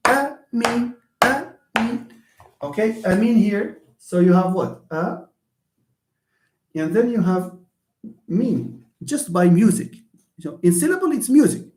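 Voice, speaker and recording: A man with a Moroccan accent lectures a class, teacherly and animated as he moves between English, French and Arabic. His voice sits a little high and swings widely in pitch. He asks questions and answers them himself, in a room with a noticeable echo.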